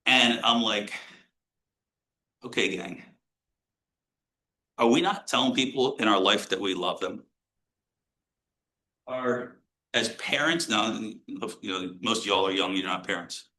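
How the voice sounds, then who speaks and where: A middle-aged American man, a positive psychology professor, giving an earnest motivational lecture to students, blunt and casual, sometimes swearing, dropping from loud to hushed. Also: fairly low pitch, slow pace, pauses often, low-quality recording.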